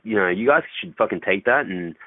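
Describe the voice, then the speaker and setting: A man's voice: fairly low pitch, expressive, fairly quick, no echo. A man guest coaching on dating, talking loosely with swearing and acting out phone calls. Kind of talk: casual interview talk. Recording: tinny phone-like line, dry.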